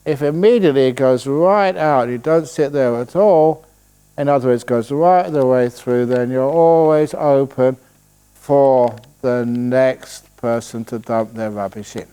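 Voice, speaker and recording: Man, monk teacher, dharma talk, storytelling, playful, smooth resonant voice, medium pitch. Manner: storytelling, playful, slows voice to demonstrate calm. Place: retreat hall.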